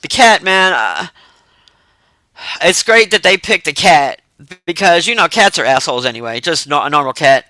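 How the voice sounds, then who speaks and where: A man's voice: fairly high pitch, expressive, moderate pace, sharp tone, dry recording, poor audio. A man casually recapping a film plot in a rambling, profane way with frequent laughter. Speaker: movie reviewer.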